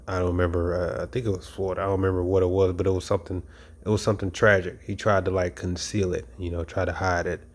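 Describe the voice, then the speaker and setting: A man's voice: low voice, level tone, fast talker. A man giving an informal sermon, talking in a conversational, emphatic way with frequent "you know" and repeated phrases. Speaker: preacher.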